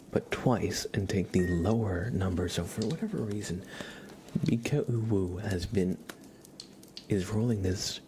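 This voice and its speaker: A man hosting a live ASMR stream, talking slowly and softly and slipping into whispers. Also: low voice, slight background noise. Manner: slow, soft-spoken, slips into whispers.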